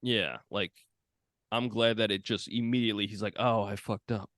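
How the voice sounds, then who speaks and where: A man's voice: lowish voice, steady tone, normal speed, a bit bright, dry recording, studio quality. A man hosting a podcast, chatting casually and retelling film scenes with lots of fillers. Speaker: podcast host.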